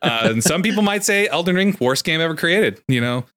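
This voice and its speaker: A man co-hosting a casual gaming podcast, rambling and joking, quick to apologize when he cuts in. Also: fairly high pitch, expressive, a bit bright. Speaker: podcast co-host.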